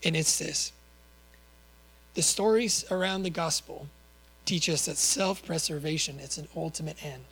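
Earnest male preacher, slightly high voice. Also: unhurried, long pauses, a bit bright, husky, poor audio. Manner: earnest, with rhetorical questions and small self-corrections. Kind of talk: sermon.

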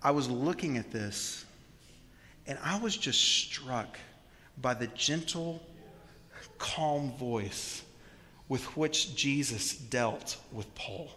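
A man in his thirties preaching a sermon in church, telling stories and shifting between hushed, slow passages and loud, emphatic ones. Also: medium pitch. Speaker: pastor. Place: church sanctuary. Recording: long reverb of a large hall.

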